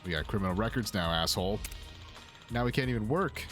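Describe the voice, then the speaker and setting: A man reading the lines of rough male ex-con thugs in a video game in a surly way, his voice only a little raised above his usual pitch. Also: animated, fairly quick, fairly bright tone, faint music behind. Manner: surly, reading subtitles aloud.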